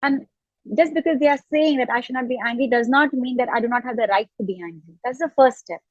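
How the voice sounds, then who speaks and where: A woman coach speaks in a high, earnest voice and often circles back over her phrases. Her sound is dull and lo-fi, with a very dry, close quality. It feels like a remote interview line. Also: fast, no echo. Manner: earnest, repeats phrases as she explains. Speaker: self-love coach, guest. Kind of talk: reflective coaching talk.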